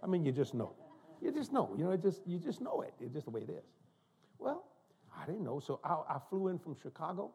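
An older man preaching a sermon, telling folksy, humorous family stories in an animated way. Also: fairly high pitch, brisk, breathy edge. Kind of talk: storytelling sermon. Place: church.

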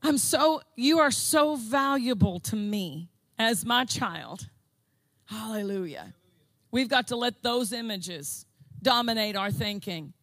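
A woman preaching a fervent sermon, repeating phrases and building to shouted declarations. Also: on the high side, expressive, slow, no echo. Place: church service.

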